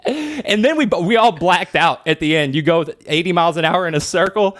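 High-voiced man telling a wild story. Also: moderate pace, pauses often. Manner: animated storyteller, swears freely, laughs often. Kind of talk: casual profane chat.

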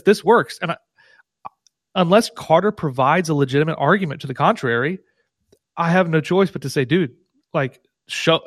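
This is a podcast guest, a man who argues in animated, emphatic bursts. His voice sits fairly high for a man. The recording is dry and close, with no room sound. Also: no room sound. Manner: emphatic and animated, quick asides. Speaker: guest, paper co-author. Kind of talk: casual academic debate.

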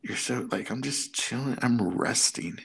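A man's voice: medium pitch, unhurried, gravelly, breathy edge. A middle-aged man telling a story in casual conversation, slipping into the voices of the people he quotes. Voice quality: animated storyteller, acts out quotes. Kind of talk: casual chat.

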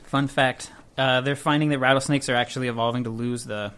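A man adds quick, jokey interjections to a relaxed group chat. He speaks at a rapid clip, with a medium-pitched voice. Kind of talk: casual chat.

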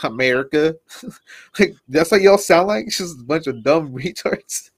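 A man co-hosting a sports podcast in casual chat, loud and swearing, asking a lot of questions. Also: on the high side, lively intonation, unhurried. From Spokane area, Washington. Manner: loud, swearing, laughing, asks lots of questions. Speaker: podcast co-host.

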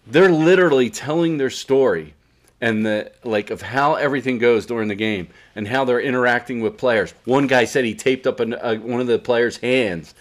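A man's voice: mid-range voice, normal speed. A man co-hosting a casual sports chat, swearing freely and telling stories with laughter. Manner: profane, storytelling, laughs often. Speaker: podcast co-host.

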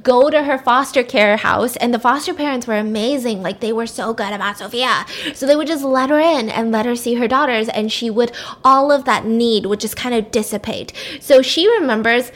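A woman host casually retelling a dark story on a podcast, chatty and full of fillers. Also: fairly high pitch. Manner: chatty, many "like" fillers, quick asides.

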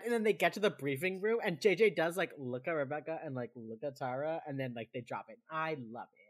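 A woman's voice: deep voice, expressive, fairly quick, hardly any pauses, fairly bright tone. A woman co-hosting a casual chat about a TV episode, acting out the characters' lines and swearing freely. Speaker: podcast co-host.

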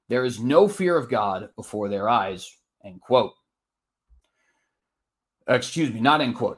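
A man delivers a formal debate opening, reading long scripture passages aloud in an even, mid-range voice. He drives his points home with emphatic, folksy asides and pauses to correct himself when he misreads. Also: medium pitch. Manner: emphatic, with folksy idioms between quotes.

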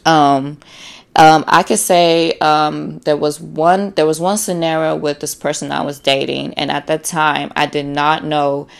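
Low-voiced blunt woman podcasting. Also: a little slow, vocal fry. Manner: blunt, profane and animated, acts out quotes; addresses listeners as y'all. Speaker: podcast host. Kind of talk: casual solo podcast monologue.

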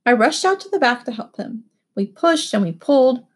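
A woman reads a first-person story aloud with expressive, animated delivery. Her voice sits fairly high, and the narration has the steady shape of a scripted audiobook. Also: moderate pace, breathy edge.

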